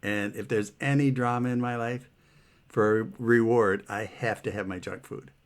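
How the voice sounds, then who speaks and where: A man's voice: lowish voice, steady tone, normal speed. Laughing man telling a rueful story. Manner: laughs often while telling; rueful, incredulous. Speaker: patient telling his story. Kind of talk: casual personal storytelling.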